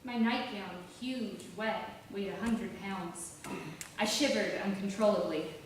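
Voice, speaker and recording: A woman's voice: mid-range voice, slow pace. Woman reading, roomy and distant. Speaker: author reading her novel. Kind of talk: literary reading. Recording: roomy, distant, faint hiss.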